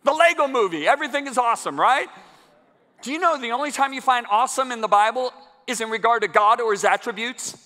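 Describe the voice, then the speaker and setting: A man preaching a sermon to a congregation in a large church, emphatic and building to loud climaxes. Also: very high-pitched, lively intonation, quick pace. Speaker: guest preacher. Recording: long church hall reverb.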